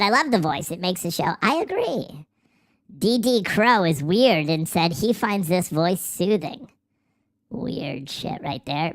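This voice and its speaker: A live-stream host putting on a high-pitched cartoon voice as a cocky little male turnip, reading chat in a profane, mocking and boastful way.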